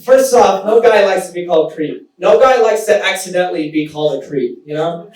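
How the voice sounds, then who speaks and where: A young man from Texas doing a stand-up comedy set, telling stories in an animated way and laughing at his own jokes. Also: high voice, fairly quick. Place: live comedy stage in a small theater. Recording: echoey live room from far off.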